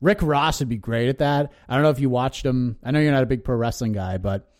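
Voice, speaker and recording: A man co-hosting a casual podcast, talking in animated bursts and ranting with excitement. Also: mid-range voice, quick pace. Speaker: co-host.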